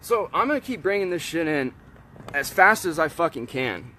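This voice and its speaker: A man in a casual, blunt rant to camera, swearing often and turning loud when heated. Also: fairly high pitch, sing-song, moderate pace, a little hiss or hum. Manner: profane, blunt, frequent swearing. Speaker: vlogger selling kratom.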